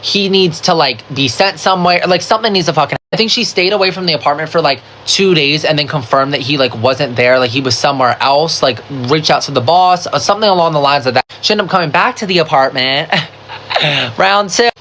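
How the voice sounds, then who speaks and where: Bright, chatty, swearing storyteller. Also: medium pitch, fairly quick, slight background noise. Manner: chatty, swears a lot, constant "like" fillers; dramatic, animated retelling with quoted voices. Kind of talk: casual storytime.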